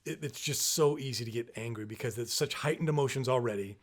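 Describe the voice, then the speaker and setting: A man's voice: medium pitch, fast talker. A man co-hosting a casual parenting podcast, explaining and telling stories. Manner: storytelling, explanatory. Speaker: podcast co-host.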